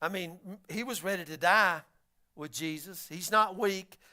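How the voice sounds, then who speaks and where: Man pastor with a folksy, animated delivery and a bright, crisp tone. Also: sits high, moderate pace. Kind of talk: sermon.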